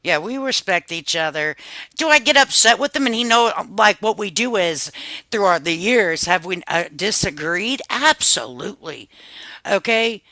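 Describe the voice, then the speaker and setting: A woman in her fifties hosting a livestream, chatting casually with viewers in a sassy, animated way and laughing often. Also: mid-range voice, moderate pace, no echo. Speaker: livestream host. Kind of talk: casual chat reacting to viewers.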